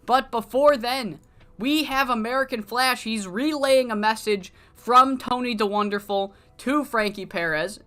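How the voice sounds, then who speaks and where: Casual male game streamer, bright voice, rambling delivery. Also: extremely high pitch, measured pace. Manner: loose, rambling, profane, with many fillers. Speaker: streamer narrating a wrestling booking sim. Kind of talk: casual live-stream commentary.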